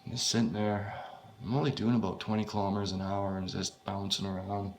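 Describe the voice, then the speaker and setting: A man reading his own first-person horror story aloud, in a halting, unpolished way with frequent swearing. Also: fairly low pitch, little pitch movement, slight background noise.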